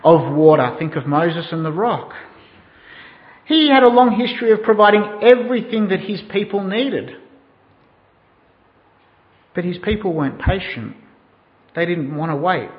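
A man preaches with a high voice, asking his listeners questions and weaving a story into the sermon. His words ring out with a long hall reverb, and the recording has a dull, muffled tone.

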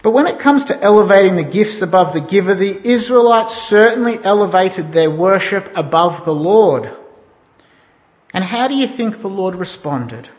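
High-voiced preacher in an echoing hall. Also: male voice, lively intonation, moderate pace. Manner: asks the listeners questions. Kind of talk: sermon with storytelling. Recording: dull sound in a reverberant hall.

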